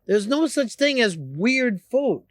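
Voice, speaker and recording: A man's voice: extremely high pitch, very animated, takes it slowly, no echo. A male radio host talking blunt, profane banter in a studio, mocking his co-host. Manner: blunt, mocking, acts out quotes loudly.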